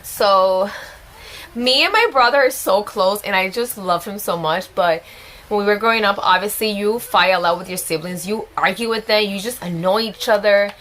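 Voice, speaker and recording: A woman's voice: mid-range voice, moderate pace, fairly bright tone. A young woman telling a personal story in a chatty, emotional vlog style, often exclaiming. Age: young adult. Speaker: vlogger. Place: at home with a small child.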